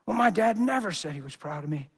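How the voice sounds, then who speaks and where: A man's voice: high-pitched, lively intonation, fast, breathy edge. A man preacher giving a sermon, talking in an emphatic, intense way.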